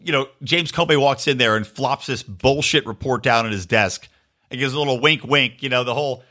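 A man's voice: medium pitch, fairly quick, sharp tone. A man hosting a podcast, delivering a sarcastic, ranting political commentary monologue and swearing freely. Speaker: podcast host.

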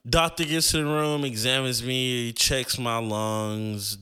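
A man's voice: mid-range voice, steady tone, takes it slowly, pushed and bright, clean tone. A young man in his twenties hosting a podcast, telling a personal story in a casual, emotional way, with many filler "likes". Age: 20s. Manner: casual, emotional, heavy use of "like". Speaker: podcast host.

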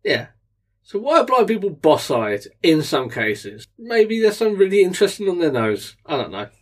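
A man's voice: high-pitched, moderate pace. A young man co-hosting a casual podcast chat, joking and laughing often as he talks. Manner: jokey, laughs often, lively delivery. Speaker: podcast co-host.

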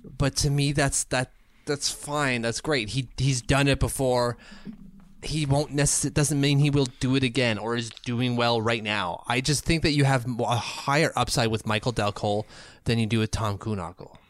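A man talking hockey in a loose, joking way, often starting a word twice before he gets it out. His voice sits at an ordinary middle pitch. The sound is dry and close, with no room around it. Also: normal speed, no room sound. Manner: rambling, joking, restarts words. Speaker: hockey podcast co-host. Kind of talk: casual sports chat.

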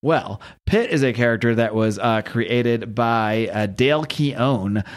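A man's voice: medium pitch, slow. A man with a mid-range voice talks in a loose, chatty way, recapping a comic on a podcast. He jumps into character voices and laughs at himself. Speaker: podcast host. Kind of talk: casual chat, comic book recap.

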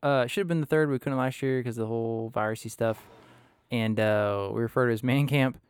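A man's voice: mid-range voice, a little fast, smooth. A man hosting a casual podcast chat, telling stories with lots of laughter and loose, rambling asides. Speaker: podcast host.

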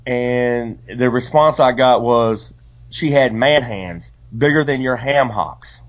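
A man's voice: medium pitch, slow pace. A man co-hosting a podcast in casual banter, laid-back and laughing easily. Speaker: podcast co-host. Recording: dull lo-fi podcast audio.

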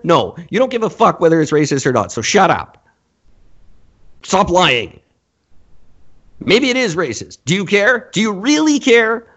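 A man hosting a podcast, talking in a blunt, profane rant with frequent laughs. His pitch sits a little high and swings widely as he gets worked up. The recording sounds dull and lo-fi. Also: a bit bright. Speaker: podcast host. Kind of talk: casual comedic rant.

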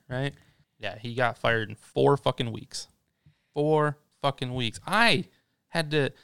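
A young man with a smooth, clean voice, recorded dry and close. He co-hosts a casual podcast chat and vents heatedly, cursing freely. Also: on the high side, fairly bright tone, no echo. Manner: heated, swearing often, venting. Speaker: podcast co-host.

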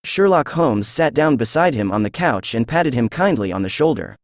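A synthesized male voice reading a classic detective story aloud, even and measured, with little change between characters. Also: medium pitch, no echo, muffled recording. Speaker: audiobook narrator. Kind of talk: scripted narration.

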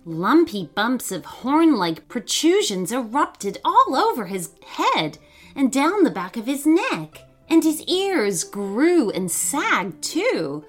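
A woman reads a children's story aloud with expressive, dramatic narration. Her voice is fairly high and moves a great deal in pitch, and soft music plays faintly behind her. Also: slow pace. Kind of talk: storybook reading.

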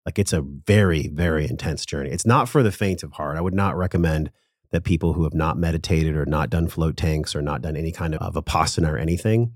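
A man's voice: rumbling low, fast talker, no room sound, clean studio sound. A man as a podcast guest, telling a personal story in an earnest, emotional, casual way with some swearing.

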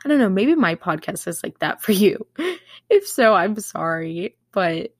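A woman's voice: medium pitch, big pitch swings, a little slow, dry recording, clean studio sound. A young woman hosting a casual solo podcast, bubbly and chatty, her voice a little nasal from allergies. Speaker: podcast host.

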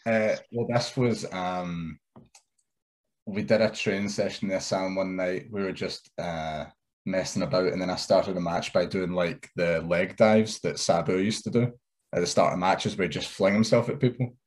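Low voiced guy in his 30s, laid back, rambles a bit as a podcast guest. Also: fairly even intonation, normal speed. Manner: easygoing, rambling with fillers. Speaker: wrestler guest. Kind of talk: casual interview chat.

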